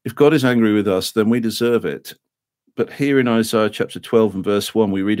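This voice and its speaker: A middle-aged man with a lowish voice delivers a podcast sermon. He speaks earnestly and in a measured way, drawing out quoted verses slowly and dropping his voice for personal admissions. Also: darkish tone, no echo. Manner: earnest, measured preaching, slowing to dwell on scripture. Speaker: preacher. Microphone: podcast microphone.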